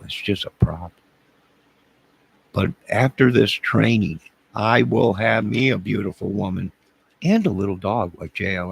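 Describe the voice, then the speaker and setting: A man's voice: sits low, creaky, husky, heavily acted. A man playing a bumbling, lonely single man who rambles and stammers, bragging one moment and apologizing the next in a comedic monologue to camera.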